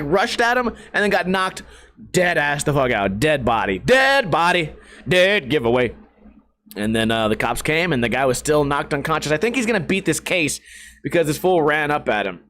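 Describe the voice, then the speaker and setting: A man hosting a casual solo podcast, talking in a brash, profane and excitable way. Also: fairly high pitch. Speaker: podcast host.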